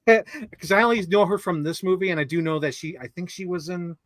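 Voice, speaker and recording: A man co-hosting a casual film chat, excitable and chatty, leaning on "like" a lot. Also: high-pitched, fast talker, no echo. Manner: chatty, leans heavily on 'like', excitable. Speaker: co-host. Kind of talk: casual chat about films.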